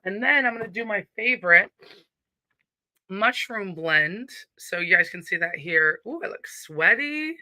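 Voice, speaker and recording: Bright-voiced Southern woman live-streaming. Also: on the low side, unhurried, no echo. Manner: chatty, upbeat, greets viewers and reads comments. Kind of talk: casual live-stream chat.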